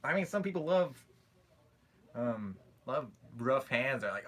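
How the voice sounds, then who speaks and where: Chatty Canadian man, bright voice. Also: medium pitch, a little slow, long pauses. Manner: chatty, joking, animated when telling stories. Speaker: livestream host. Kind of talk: casual live chat reading comments.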